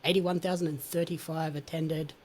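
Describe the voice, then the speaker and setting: A man's voice: fairly high pitch, little pitch movement, normal speed, darkish tone, slight background noise. A man hosting a casual podcast, chatting in an easygoing, wry way. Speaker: podcast host and play-by-play commentator.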